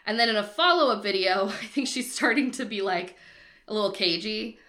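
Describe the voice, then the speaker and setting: Bright-voiced woman cohost, chatty, laughs a lot. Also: mid-range voice, brisk. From Boston area, US. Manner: chatty, laughs often, mimics quotes. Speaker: podcast co-host telling the story. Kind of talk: casual podcast chat.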